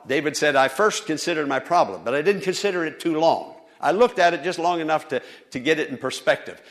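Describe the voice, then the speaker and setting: A male pastor preaching a sermon to a congregation, swinging from soft, low lines to loud, high appeals. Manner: preaching with dramatic swings in loudness and pitch. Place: church.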